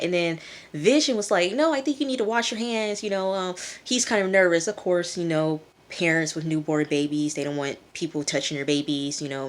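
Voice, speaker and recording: A woman's voice: deep voice, fairly bright tone. Chatty woman vlogging a TV review. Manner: chatty, acts out characters' lines in a raised voice. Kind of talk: casual TV review vlog.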